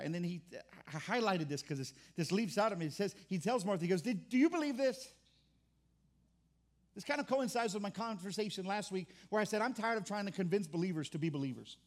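Man, high-pitched, a pastor preaching with fervor in a chatty way. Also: animated, fairly quick. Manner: impassioned and conversational, with restarts. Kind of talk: sermon.

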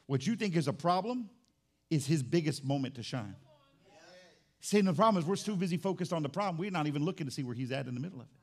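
A male pastor preaching a sermon in a church, impassioned, swinging from low and intimate to loud and fervent. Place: church sanctuary.

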